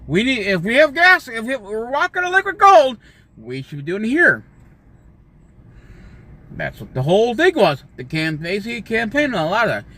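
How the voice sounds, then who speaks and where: A man's voice: high-pitched, huge pitch swings, normal speed, sharp tone. A man livestreaming an angry, profane political rant, repeating himself and swearing often. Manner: heated, profane, repetitive.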